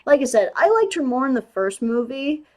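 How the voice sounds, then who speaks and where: A young woman talks through her thoughts on a movie in a relaxed, unscripted way. She sounds chatty and animated, often restarting her sentences and leaning on "like." Her voice sits a little on the high side. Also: fairly quick. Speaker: movie reviewer. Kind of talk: casual spoken review.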